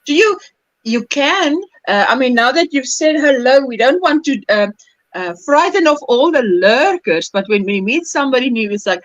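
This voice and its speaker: Lively high-voiced woman. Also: normal speed, dry recording, poor audio. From South Africa. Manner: laughs often, reads viewer comments aloud. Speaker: crochet livestream host. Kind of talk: casual livestream chat.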